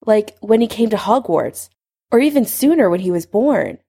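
An expressive woman narrating a story in a conversational reading manner. Her voice sits at a middle pitch but rises and falls with lively range, carrying the inner thoughts of the tale. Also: moderate pace, vocal fry, husky. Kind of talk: audiobook narration of fan fiction.

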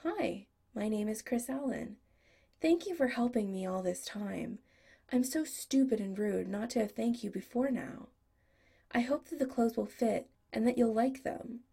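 A woman's voice: on the high side, moderate pace, vocal fry, mellow, breathy edge. A woman voicing a shy young male shoe designer who answers sheepishly and protests when teased. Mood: earnest.

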